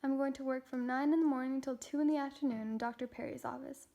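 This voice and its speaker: A young woman voicing a patient, practical mother from a children's storybook, in a gentle read-aloud delivery. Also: high voice, steady tone, fast talker, creaky. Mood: calm.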